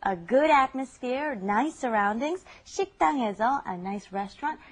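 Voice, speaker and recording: A woman hosting a television language lesson, cheerful and laughing often as she explains words slowly. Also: fairly high pitch, animated. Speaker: host.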